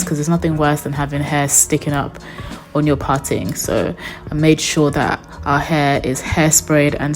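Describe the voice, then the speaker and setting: Low-voiced chatty woman, faint music. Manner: chatty, upbeat, speaks straight to viewers. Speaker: beauty vlogger. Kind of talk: voice-over for a wig install tutorial.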